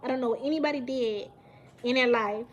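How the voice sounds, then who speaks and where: A woman, chatting casually with viewers on a live stream, animated and emphatic and laughing often. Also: a little high, brisk, dull audio, slight background noise. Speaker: mukbang livestream host.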